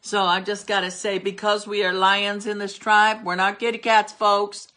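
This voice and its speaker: A woman's voice: medium pitch, flat delivery, moderate pace, bright, forceful tone. An older woman preaching a sermon, emphatic and repetitive as she drives her points home. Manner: emphatic, repeats words for stress.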